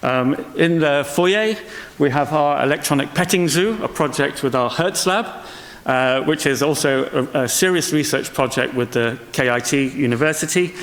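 A man's voice: on the high side, normal speed, fairly bright tone. A man whose first language is English, giving an informal welcome speech as a museum director from a stage, chatty and a little self-mocking. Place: stage in a large hall. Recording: long hall reverb.

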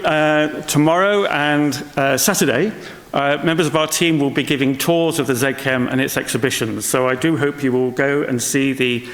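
A man whose first language is English, giving an informal welcome speech as a museum director from a stage, chatty and a little self-mocking. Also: a little high. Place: stage in a large hall. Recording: long hall reverb.

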